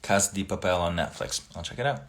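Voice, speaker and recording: A man hosting a casual livestream, reading viewer comments aloud and chatting back in a relaxed, friendly way. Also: low voice, fast talker. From Italian family background.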